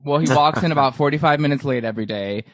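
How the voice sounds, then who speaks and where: A man's voice: a little high, fast talker, dry recording. Young male podcast co-host, gossipy, quotes scenes aloud; dry close sound. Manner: gossipy, acts out quotes from the show. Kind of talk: casual chat.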